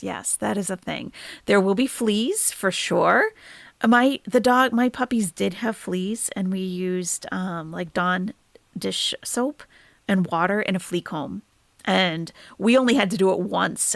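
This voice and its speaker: Gravelly woman reacting on a livestream. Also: mid-range voice, no echo. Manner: chatty, swings from soft sympathy to blunt profane ranting. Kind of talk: casual livestream commentary.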